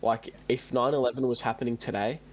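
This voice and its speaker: A man's voice: medium pitch, steady tone, fairly quick, over a noisy crowd. A young man co-hosting a casual gaming chat, blunt and swearing often. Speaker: podcast co-host.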